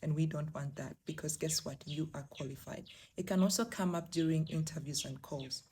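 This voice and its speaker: A woman's voice: sits low, steady tone, a little fast, mellow, slight background noise. A young woman from Africa giving emphatic, encouraging career advice straight to her viewers in a vlog. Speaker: remote work vlogger. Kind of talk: direct-to-camera advice vlog.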